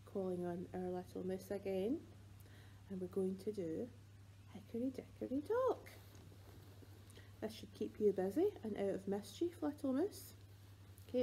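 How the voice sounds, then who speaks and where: A woman with a Scottish accent leading rhymes and songs for babies in a library, sing-song and playful with soft whispered asides. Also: mid-range voice, slightly rough, low-quality recording. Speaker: children's librarian.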